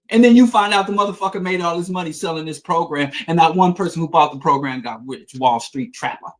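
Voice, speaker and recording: A man's voice: high voice, fast, few pauses. A middle-aged man hosting a talk show, delivering an emphatic, profane political monologue. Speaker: podcast host.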